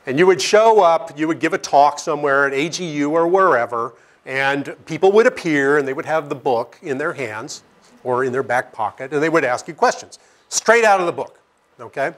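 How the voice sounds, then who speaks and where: A middle-aged man from Seattle with a slightly raised speaking pitch gives a relaxed lecture. He tells stories, cracks self-deprecating jokes, and keeps checking in with his listeners with a quick "okay?". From Seattle, United States. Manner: anecdotal, self-deprecating humor, frequent "okay?" asides. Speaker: climate scientist giving a career lecture. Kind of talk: informal lecture with slides. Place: lecture room with audience.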